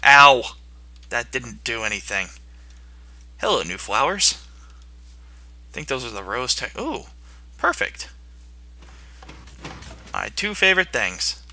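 A man's voice: mid-range voice, very animated, slow pace, pauses often, pushed and bright. A young man giving playful gameplay commentary and taunting the monsters on screen. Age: young adult. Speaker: gaming video host.

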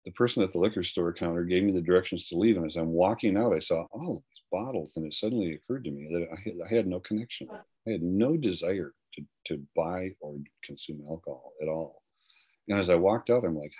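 An older man with a low, deep voice recounts his own story as a personal testimony. He speaks earnestly and haltingly, often restarting his sentences. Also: lively intonation, darkish tone, breathy edge. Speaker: guest speaker.

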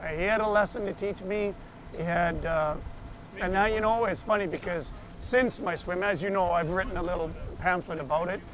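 Man, high voice, interview storytelling, animated, acts out quoted voices, faint background noise. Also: moderate pace. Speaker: interviewee, survivor telling his story.

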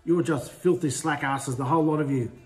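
A man's voice: a little high, fairly even intonation, fairly quick, soft background music, natural voice. A man voicing a scornful, arrogant male Pharaoh who mocks and barks orders. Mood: shouting. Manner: mocking, sneering, shouting orders.

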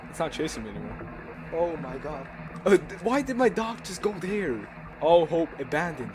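Loud jumpy young man gaming. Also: on the high side, a little fast, background noise. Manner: swearing, jumpy, yelps and screams at scares; loud, excitable, repeats himself. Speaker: gaming YouTuber. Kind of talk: horror game let's play commentary.

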